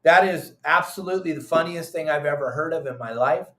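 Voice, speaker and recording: A middle-aged man hosting a call-in fishing advice show, animated and emphatic, repeating his instructions. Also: fairly high pitch, a little fast. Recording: echoey room.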